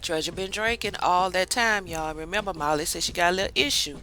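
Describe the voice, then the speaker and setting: A woman gives a lively, chatty recap of a show and slips into the voices of the people she describes. Her voice is bright and forward. Soft music plays underneath. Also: on the low side, fairly quick, rough recording. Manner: chatty, animated storytelling, acts out quoted lines; drawling colloquial speech, calls the viewer 'child'. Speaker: TV show reviewer. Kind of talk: casual recap vlog.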